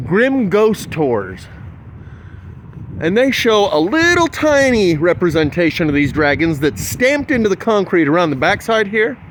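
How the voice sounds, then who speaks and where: A man, walking around a stone building outdoors and talking casually to his own camera as he points things out. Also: sits high. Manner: chatty, pointing things out, counting aloud. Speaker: vlogger. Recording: outdoor handheld camera, faint street noise.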